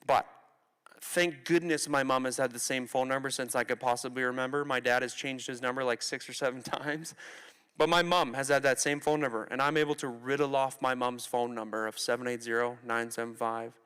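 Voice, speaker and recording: Man, 20s, from Canada, motivational speaker, candid storytelling, bright crisp voice, long hall echo. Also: mid-range voice, steady tone, brisk. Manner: candid, conversational storytelling with acted-out quotes. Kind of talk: personal story talk to students. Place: large theatre stage. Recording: reverberant hall recording.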